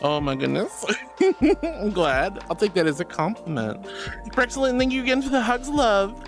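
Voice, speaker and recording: High-voiced guy streamer, super affectionate, bouncy all over the place, calls everyone sweetie. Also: moderate pace, faint music behind. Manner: gushing and affectionate, calls viewers sweetie and honey; excitable, gasps and laughs often. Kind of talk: casual chat reading viewer messages.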